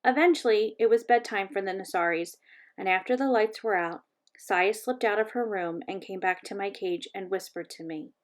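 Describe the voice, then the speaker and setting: A woman reading a children's chapter book aloud in a gentle, measured storytelling voice. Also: mid-range voice. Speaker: reader.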